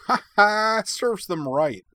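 A man's voice: on the low side, big pitch swings, brisk, husky, no room sound. A man voicing a blunt, gleeful listener who chortles and gloats.

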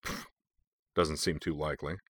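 Dry wry tough guy voiced by a man, laconic drawl, deep voice, bright edge, storybook. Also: flat delivery, normal speed, no echo. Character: dry, wry cigar-smoking middle-aged man.

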